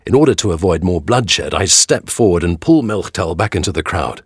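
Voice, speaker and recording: Deep husky male storybook narrator. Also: normal speed, no room sound, clean studio sound. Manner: dramatic, expressive storytelling. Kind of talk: dramatic audio storybook narration.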